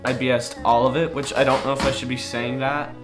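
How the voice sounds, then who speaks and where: A man's voice: medium pitch, little pitch movement, brisk. A young man in his late teens chatting casually to camera, rambling and poking fun at himself. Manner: rambling, self-mocking, goofy. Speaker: vlogger. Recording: echoey room with guitar music.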